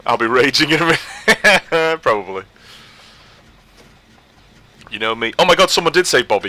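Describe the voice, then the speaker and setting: A young man giving live commentary while playing a game, swinging from quiet muttering to excited yelps. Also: mid-range voice, normal speed, long pauses. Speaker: streamer.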